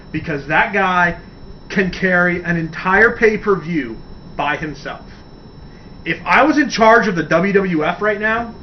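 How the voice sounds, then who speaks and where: A radio host talks in a loose, rambling way, excited about his subject and cursing freely. His voice sits a bit high for a man. The recording is dull and set back from the mic, with a faint hiss underneath. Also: distant mic. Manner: enthusiastic, rambling, swears casually. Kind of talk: casual wrestling talk segment.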